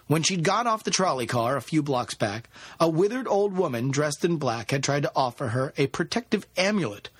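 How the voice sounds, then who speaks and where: A man narrating a story as an audiobook, in an expressive storytelling manner. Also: on the high side, moderate pace, breathy edge, dry recording.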